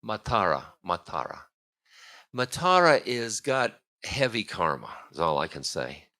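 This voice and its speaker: A man's voice: lowish voice, big pitch swings, measured pace, pushed and bright. A man, a spiritual teacher, giving a storytelling lecture in a casual, meandering way with chuckling asides.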